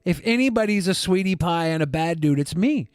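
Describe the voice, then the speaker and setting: A man's voice: sits high, lively intonation, a little fast, clean tone, dry recording, clean studio sound. A man hosting a podcast in casual chat, with crude, mocking banter. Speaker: podcast host.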